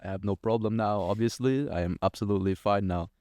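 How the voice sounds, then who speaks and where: A man's voice: fairly low pitch, a little mellow, dry recording, lightly acted. A man doing a weary football manager. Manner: halting, searching for words. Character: weary middle-aged male football manager. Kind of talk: comic impression.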